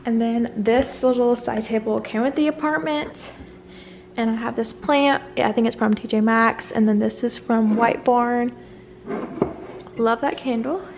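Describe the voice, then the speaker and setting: Young woman vlogger, chatty and bubbly, slightly high voice, faint room hiss behind. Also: fairly even intonation, measured pace, gravelly, a little mellow. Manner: chatty and bubbly, rambling asides. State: slightly out of breath. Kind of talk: casual apartment tour. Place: small apartment indoors.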